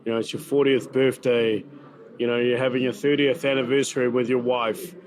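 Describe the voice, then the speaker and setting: A chef from New Zealand, speaking with a New Zealand accent at a middling pitch. He talks chattily in a casual interview, stacking fillers and repeated words. A faint hum of event ambience sits behind him. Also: level tone, brisk. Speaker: chef and restaurant owner. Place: busy event venue.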